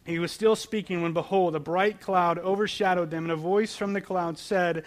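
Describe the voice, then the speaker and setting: A man's voice: sits high, fairly even intonation, moderate pace, few pauses. A man preaching a sermon in a conversational way, asking questions and answering them, repeating phrases for emphasis. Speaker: pastor.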